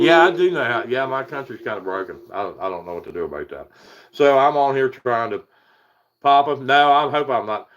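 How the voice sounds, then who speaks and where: A man's voice: mid-range voice, animated, brisk, a bit bright, muffled recording. A man from Virginia with an Appalachian hill accent, chatting casually on a livestream, rambling and chuckling as he reads out viewers' names. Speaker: paranormal livestream host.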